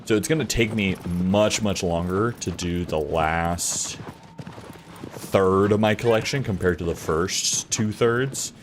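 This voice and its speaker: A man's voice: low voice, slow pace, a little hiss or hum. A man streaming a video game from his home office, chatting casually with many fillers and the odd swear. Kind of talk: casual live-stream chat while gaming.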